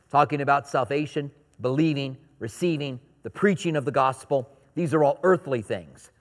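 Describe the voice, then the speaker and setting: A pastor delivering a sermon, reading scripture aloud and then explaining it in casual asides. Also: male voice, medium pitch, normal speed, hardly any pauses, big-room sound.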